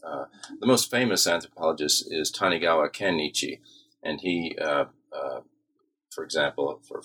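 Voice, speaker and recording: A man's voice: rumbling low, fairly bright tone, slightly rough. A man, an author, answering questions in an academic interview, hesitant, with many fillers and restarts.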